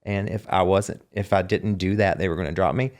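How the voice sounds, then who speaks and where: A man's voice: low-pitched, brisk. A man with a Southern US accent, a singer-songwriter guest telling long stories in a casual interview, rambling with lots of fillers. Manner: rambling animated storyteller with many fillers.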